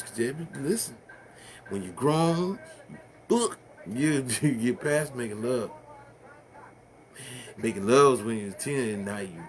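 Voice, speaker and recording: A man's voice: medium pitch, slight background noise. A man ranting casually to the camera, rambling and profane, stumbling over fillers and laughing at his own jokes.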